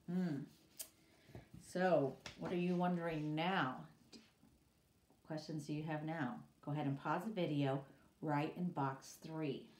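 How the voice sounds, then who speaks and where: Slow, expressive woman reading a story aloud. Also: low voice, a little hiss or hum. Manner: expressive, pausing for students' questions. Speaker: teacher. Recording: roomy, from away from mic.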